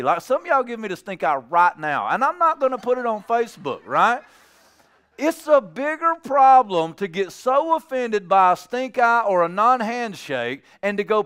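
A man preaching a sermon in a church, conversational and animated, acting out little dialogues with the congregation. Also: extremely high pitch, clean tone. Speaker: pastor.

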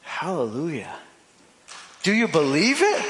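A pastor preaching a sermon, animated, shifting between loud emphasis and soft drawn-out phrases, with playful asides to his congregation. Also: fairly high pitch, slight background noise. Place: church sanctuary. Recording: long hall reverb from a church.

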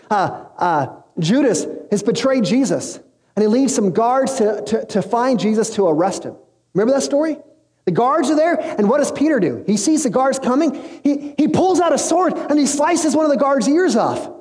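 A man's voice: very high voice, normal speed. A male pastor preaching a sermon in a casual, storytelling way, acting out the characters he quotes. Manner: storytelling, casual slang, lively acted quotes. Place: large room with an audience. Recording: long reverb in a hall.

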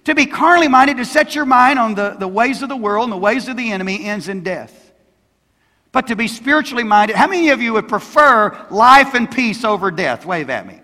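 High-voiced older man preaching a sermon. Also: lively intonation, a little fast, bright, forceful tone. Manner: emphatic, asks the congregation questions. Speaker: pastor. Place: church sanctuary. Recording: long hall reverb in a church.

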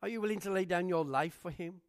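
Casual: guy pastor with a high voice preaching, tells stories and does everyone's lines, gets loud then drops low. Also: fast. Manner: animated preacher acting out quoted voices. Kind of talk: storytelling sermon.

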